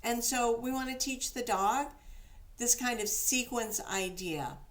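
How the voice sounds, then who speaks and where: A woman's voice: a little high, a little slow. A woman dog trainer giving casual, practical instructions, now and then acting out the praise she gives a dog.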